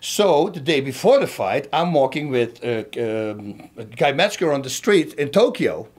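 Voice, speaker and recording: A man's voice: medium pitch, unhurried. A middle-aged man, a former fighter, telling a story and breaking down a fight for his viewers in a casual, emphatic way. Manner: animated, emphatic, talks straight to viewers.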